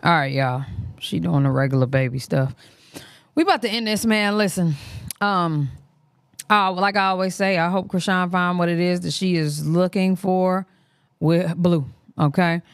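A woman's voice: on the low side, normal speed, clean tone, no room sound, studio quality. A woman hosting a reaction stream, giving candid, slangy, outspoken commentary in a casual way. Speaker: reaction channel host.

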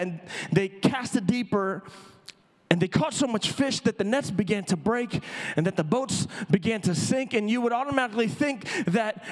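A man preaching a sermon as a pastor, storytelling with emphasis and dramatic pauses. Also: high-pitched. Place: church auditorium. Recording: echoey church hall.

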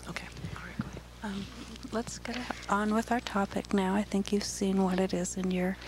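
A woman's voice: mid-range voice, steady tone, moderate pace, background noise. A woman opening a conference presentation, speaking hesitantly with fillers.

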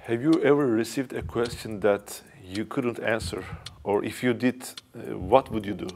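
A man interviewing a guest, asking plain questions in a calm way. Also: fairly low pitch, normal speed.

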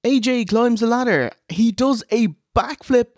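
A man co-hosting a casual review show, reading out match recaps with deadpan jokes. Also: very high voice, unhurried, no room sound. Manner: reads play-by-play recaps with dry jokes.

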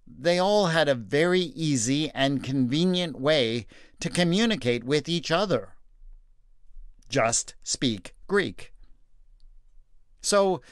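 A man reading scripture aloud and reflecting on it as a podcast host, with a measured, deliberate delivery. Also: a little high, no echo, studio quality.

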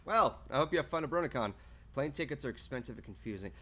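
A male streamer talks loosely with his chat and reads their comments out as they come in. His pitch swings widely from line to line. He swears often and without fuss. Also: fast, a little hiss or hum. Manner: lively, swearing, reading chat aloud. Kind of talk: casual chat with stream viewers.

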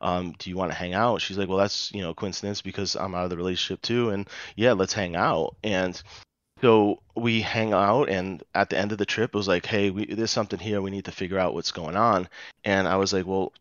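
A man's voice: deep voice, fairly quick, no room sound, muffled recording. A man with a Rhode Island accent, a podcast guest telling his story casually and acting out what people said. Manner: chatty, animated retelling with quoted dialogue.

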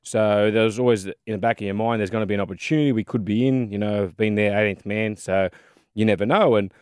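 An Australian man in his thirties, a former rugby league player, co-hosts a casual podcast and tells rugby league stories. He speaks fast in a lowish, clean voice, recorded in studio quality with no echo, and he's an animated storyteller full of fillers and "mate."

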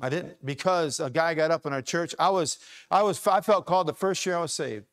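High-voiced preacher swinging loud to quiet. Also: male voice. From Ohio. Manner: swings from loud preaching to low, quick asides. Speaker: pastor. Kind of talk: sermon. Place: church sanctuary.

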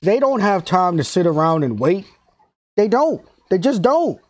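Man reacting to anime, high voice, lively bouncing pitch, slangy and excitable, laughs a lot. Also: a little slow. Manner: excitable, slangy, laughs often, repeats himself. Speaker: anime reaction channel host. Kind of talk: casual reaction commentary.

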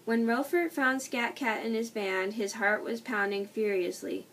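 A woman's voice: fairly high pitch, a bit bright. Woman reading a children's book from afar. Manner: slow, careful reading with frequent slips and restarts. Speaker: storybook reader. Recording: distant mic with faint noise.

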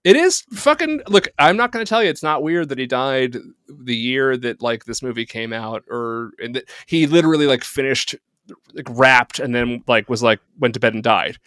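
Man, podcast co-host, casual chat, laughs a lot, swears, quick asides, mid pitch, dry close recording. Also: lively intonation, a bit bright, clear, resonant tone, no echo.

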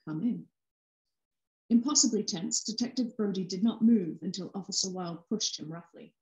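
A woman narrating her own novel at a launch event, steady and expressive in her delivery. Her voice sits at a middle pitch, and the room gives it a clear echo. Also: a little fast, lo-fi sound. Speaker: author reading her book. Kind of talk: book reading narration. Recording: roomy echo.

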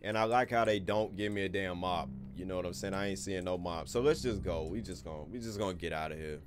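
Rambling, low-voiced man playing a game. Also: fast, background noise. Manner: loose, rambling, swears casually, talks to viewers. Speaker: gaming YouTuber. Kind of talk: casual gameplay commentary.

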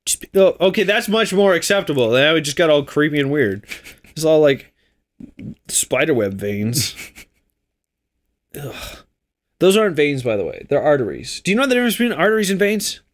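A man's voice: fairly high pitch, brisk. A young Canadian man co-hosting a let's play, chatting casually and jokily as he plays. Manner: animated, jokey, does silly voices. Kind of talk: casual gaming commentary.

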